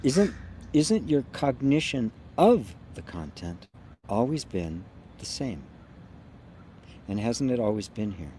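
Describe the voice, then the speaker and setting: Soft-spoken man teaching on a live stream. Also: mid-range voice, sing-song, slight background noise. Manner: slow, soft and reflective, often trailing off quietly with gentle laughs. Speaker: spiritual teacher hosting a live satsang. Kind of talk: live-stream talk answering chat comments.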